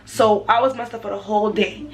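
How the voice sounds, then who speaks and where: A young woman, casually retelling a personal story for her vlog, animated and repetitive. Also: mid-range voice, brisk, poor audio. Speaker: vlogger.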